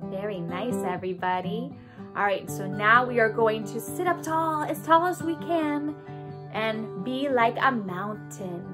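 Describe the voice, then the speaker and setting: A woman music therapist leading a remote session for children, gently encouraging them through poses and songs. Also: on the high side, unhurried. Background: guitar music.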